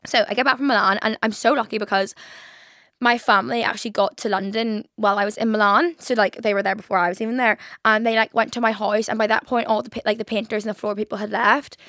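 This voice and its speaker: A woman's voice: medium pitch, fairly even intonation, quick pace, fairly bright tone, no room sound, studio quality. A young Irish woman hosting her own podcast, rambling through a story in casual chat, full of "like" and frequent swearing. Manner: rambling, lots of "like", swears freely. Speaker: podcast host.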